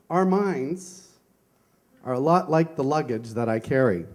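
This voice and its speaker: Delivering a Sunday talk, a minister speaks conversationally, drawing on personal stories and asking rhetorical questions. He has a mellow voice on the high side.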